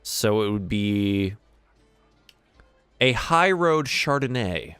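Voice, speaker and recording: A man's voice: lowish voice, very animated, takes it slowly, a bit bright, clear, resonant tone, no room sound, soft background music. A man narrating a tabletop game as game master, describing scenes and stopping to improvise details.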